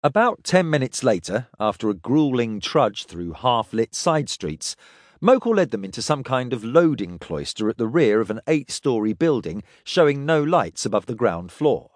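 A man narrating an audiobook in an expressive way. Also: medium pitch, normal speed, no echo, studio quality. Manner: expressive, voices characters.

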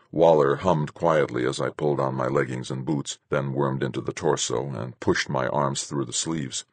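A man narrating an audiobook in a measured, even storytelling manner. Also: extremely low pitch, breathy edge, no echo.

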